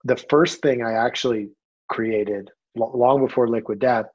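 A man as a podcast guest, telling his story in a relaxed, rambling way with casual swearing. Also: mid-range voice, unhurried, breathy edge, lo-fi sound. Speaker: podcast guest, company founder.

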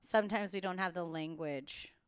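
A woman's voice: lowish voice, moderate pace, smooth, no echo, clean studio sound. A woman podcast host talking in a casual conversation. She shares openly and earnestly, with many "like" fillers.

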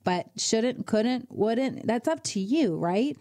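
A woman's voice: a little high, lively intonation, slow, warm tone. A woman hosting a radio show as a financial advisor, coaching listeners in a direct, conversational way. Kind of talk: conversational radio advice talk.

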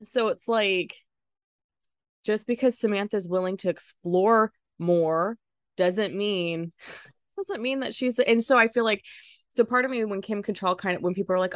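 A woman's voice: mid-range voice, normal speed, fairly bright tone, no echo. Blunt woman podcast host, dry sound. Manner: blunt and candid, swears freely. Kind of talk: casual chat. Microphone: studio microphone.

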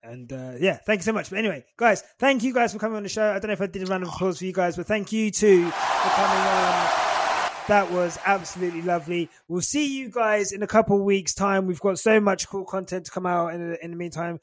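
A man's voice: high-pitched, fast. A man co-hosting a casual podcast chat, getting emotional and laughing as he tells stories. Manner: emotional, laughing, animated storytelling. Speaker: podcast co-host.

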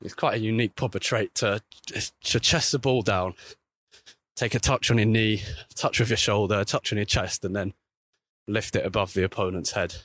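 A man delivers walking vlog commentary about football outdoors beside a street, talking at a normal speed with no room sound. He's chatty and lively, his pitch swinging widely as he corrects himself along the way.

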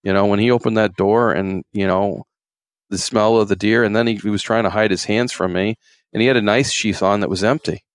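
A man's voice: fairly low pitch, steady tone, a little fast, no room sound, studio quality. A man, a former game warden, telling stories in a rambling, folksy way with many fillers. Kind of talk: casual storytelling interview.

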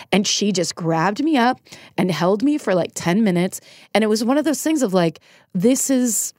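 A middle-aged woman from Northern California speaks in a lowish voice, recorded close and dry. She tells a personal story as a podcast guest, candid and emotional, now and then cursing for emphasis. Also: no room sound. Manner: emotional, frank, animated storytelling with swearing. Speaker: guest, comedian and TV writer.

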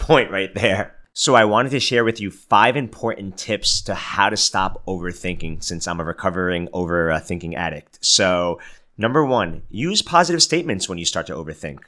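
A man's voice: low voice, bright, forceful tone. A man in his thirties hosting a podcast, telling a personal story in a chatty, self-mocking way with lots of filler words. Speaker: podcast host. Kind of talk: casual motivational monologue.

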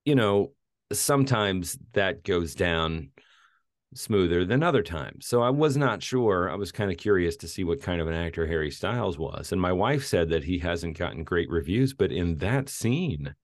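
A man co-hosting a film podcast, chatting casually and retelling scenes with lively energy. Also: sits low, moderate pace, no room sound, clean studio sound. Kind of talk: casual film review chat.

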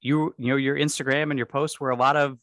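A man's voice: mid-range voice, little pitch movement, fast talker, a bit bright, dry recording, clean studio sound. A man hosting an interview, asking long wandering questions full of you know and sort of. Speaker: podcast host. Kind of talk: casual conversational interview.

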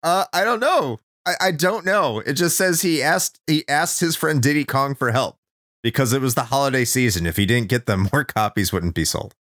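A man co-hosts a casual podcast, ranting with sarcasm and frequent swearing. His pitch swings widely, climbing high when he gets worked up, and the recording is close and completely dry. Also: animated, moderate pace, a bit bright, no echo. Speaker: podcast co-host.

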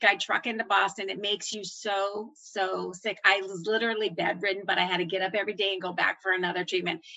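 A middle-aged woman telling her own story, acting out the voices of doctors and herself with animated swings of pitch. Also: poor audio. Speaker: former nurse manager telling her story. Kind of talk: personal storytelling.

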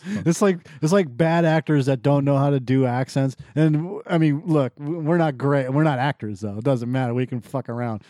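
A man's voice: mid-range voice, moderate pace, mellow, no echo, studio quality. A man co-hosting a podcast in casual chat, crude and joking, swearing constantly. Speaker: podcast co-host.

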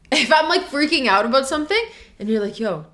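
Woman co-host in a casual chat, high-pitched and very lively, teasing and quick to laugh. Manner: playful, teasing, laughs often. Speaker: podcast co-host.

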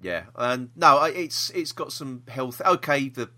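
A man co-hosting a podcast chats in a jokey, rambling way. His voice is medium-pitched and sharp in tone, very animated yet unhurried.

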